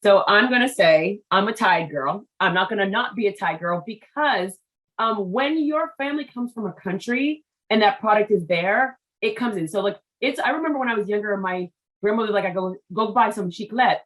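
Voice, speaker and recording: A woman's voice: medium pitch, moderate pace, a bit bright, low-quality recording. A woman hosting a business interview show, chatting casually and telling family stories with many asides and restarts. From Haitian family background. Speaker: show host.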